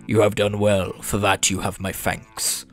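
Man doing a cold, measured possessing spirit for a game playthrough, slow and menacing. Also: lowish voice, little pitch movement, a bit bright, faint music behind.

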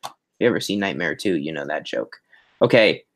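A man's voice: sits low, animated, brisk, background noise. A man hosting a casual live stream, rambling and chatty, with self-mocking asides as he fumbles through his setup. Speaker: host of a Halloween prop channel live stream.

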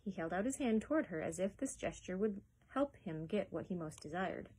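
A woman librarian reading a children's chapter book aloud in a steady, expressive storytelling voice. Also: mid-range voice, fairly quick, slightly rough, low-quality recording.

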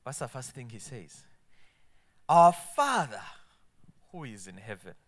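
A man preaching a sermon, quoting scripture emphatically and dropping to soft asides. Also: lowish voice, brisk. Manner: emphatic, swinging between loud proclamation and soft asides.

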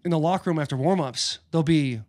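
A man co-hosting a casual podcast chat, an animated storyteller who swears freely. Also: a little high, fast, no echo. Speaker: podcast co-host, former NFL lineman.

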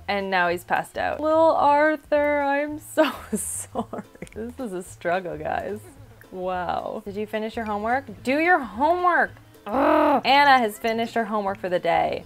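A woman in her thirties giving casual let's-play commentary, chatty and reacting aloud to the game. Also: medium pitch. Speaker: gaming YouTuber.

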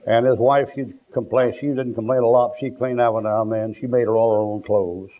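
A man's voice: mid-range voice, steady tone, brisk. A male preacher telling homespun stories in a rambling folksy sermon, with restarts and down-home phrasing. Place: church. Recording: tinny lo-fi tape.

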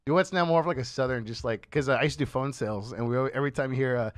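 A man's voice: medium pitch, very fast, dry recording, studio quality. A young man co-hosting a podcast, chatting casually, laughing often and slipping into mock accents. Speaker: podcast co-host. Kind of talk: casual chat.

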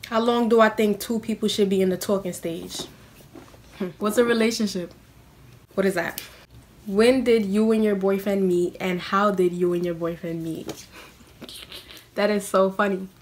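A woman's voice: mid-range voice, fairly even intonation, normal speed, pauses often, slight background noise. A young woman, chatting in a casual question-and-answer vlog. She is self-mocking and scatters "like" through her talk. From New York City. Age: young adult. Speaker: vlogger.

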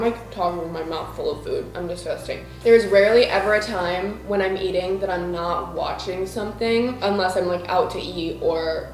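A woman's voice: mid-range voice, steady tone, normal speed, hardly any pauses, a little mellow, soft background music, poor audio. A teenage girl vlogging casually at home, her voice congested from a cold, chatty with lots of fillers. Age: teens. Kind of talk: casual vlog chat. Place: at home, bedroom.

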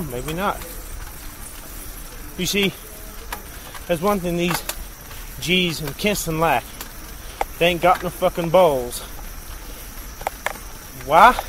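Crude high-voiced man ranting. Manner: crude, blunt, rambling and profane. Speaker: vlogger. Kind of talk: casual profane rant while driving around. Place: in a car outdoors at night. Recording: night insects and road noise behind.

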